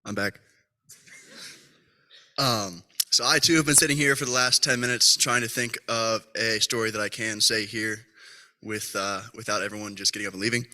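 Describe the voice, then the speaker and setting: A man's voice: lowish voice, steady tone, normal speed, pushed and bright. Wry young man at a memorial. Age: young adult. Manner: wry, casual, hesitant. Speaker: speaker at a memorial. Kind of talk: storytelling at a memorial gathering.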